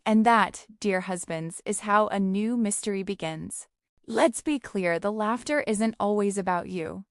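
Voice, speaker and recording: A woman's voice: medium pitch, measured pace, smooth, dry recording. Woman narrator, playful and teasing, scripted comic storytelling, dry close sound.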